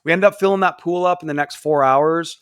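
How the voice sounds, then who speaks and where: Animated storytelling man, dry close sound. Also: brisk, clean tone, no room sound. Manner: animated, acts out quotes in high voices. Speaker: podcast guest. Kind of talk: casual storytelling.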